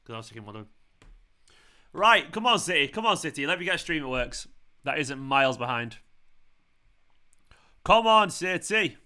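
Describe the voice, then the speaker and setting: Bright-voiced, chatty streamer. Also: male voice, mid-range voice, brisk. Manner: chatty, excitable, swears when shocked. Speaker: football watchalong streamer. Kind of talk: casual live-stream chat.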